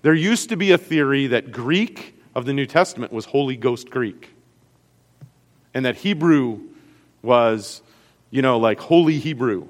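A man's voice: mid-range voice, animated, unhurried, long reverb tail. A man with a Great Lakes American accent, a pastor teaching a class on Scripture in a conversational way, often checking in with his listeners. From US Great Lakes region.

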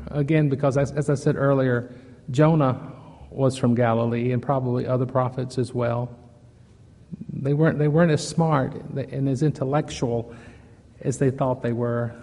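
Earnest slow-preaching man in a reverberant hall. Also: medium pitch. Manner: earnest, swings from loud emphasis to soft pleading. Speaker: pastor. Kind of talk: sermon. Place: church.

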